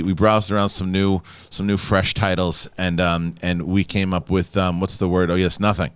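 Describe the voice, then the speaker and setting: A man's voice: low-pitched, fairly bright tone, clear, resonant tone, no room sound. A man with a Chicago accent hosting a casual panel chat on a studio mic, rambling, repeating himself and swearing. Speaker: host.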